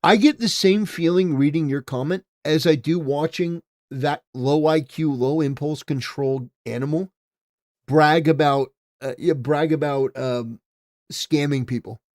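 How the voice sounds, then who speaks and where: A man's voice: on the high side, a little slow, darkish tone, no echo, studio quality. Stammering, rambling male stream host. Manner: rambling, stammering restarts, swings between mumbling and emphatic. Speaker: political commentary livestream host. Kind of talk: casual commentary.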